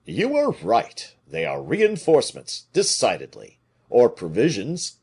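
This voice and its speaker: A man reading an audiobook voices a blustering giant soldier who talks loudly and excitably. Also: medium pitch, unhurried, gravelly, husky, pitched above the performer's own voice, full character voice. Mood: excited. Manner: loud and excitable, exclaiming.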